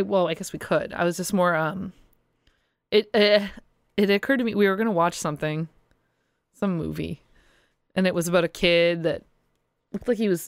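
A woman talking casually as a podcast guest about being a parent. Her voice is smooth and resonant at a middle pitch, and it sounds close and dry. She often stops to hunt for words with "um". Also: no room sound. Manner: hesitant, many ums and uhs.

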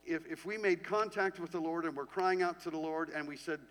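A man's voice: fairly high pitch, a little fast, fairly bright tone, low-quality recording. A man, a pastor, giving a sermon, reading scripture aloud and speaking to the congregation with rhetorical questions.

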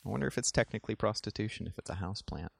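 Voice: mid-range voice, lively intonation, racing, creaky, no echo, studio quality. A podcast host in casual chat, wry and playful, stammering when building a point.

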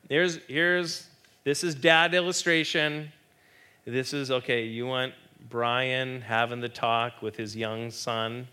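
A middle-aged man preaches in a church with a bright, forward voice. He jokes with the room and slips into little acted voices to make his point. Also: mid-range voice. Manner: animated, joking, acts out quoted voices. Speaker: pastor. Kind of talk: sermon.

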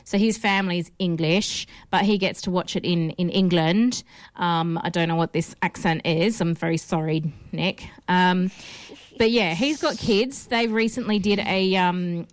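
A woman's voice: fairly low pitch, moderate pace, dry recording, studio quality. An Australian woman hosting a casual film podcast, chatty and rambling with lots of ums and restarts. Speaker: podcast host.

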